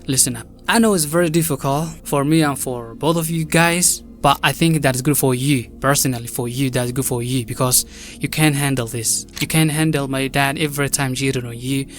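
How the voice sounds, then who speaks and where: A man's voice: mid-range voice, steady tone, moderate pace, faint music behind, close to an everyday voice. A man voicing an eleven-year-old girl who speaks steadily and reassuringly to her mother.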